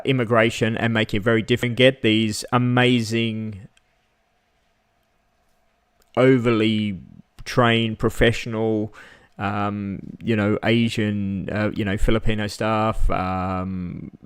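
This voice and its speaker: A man with an Australian accent chatting casually on a livestream, rambling with many fillers and pausing to greet viewers. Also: mid-range voice. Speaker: vlogger.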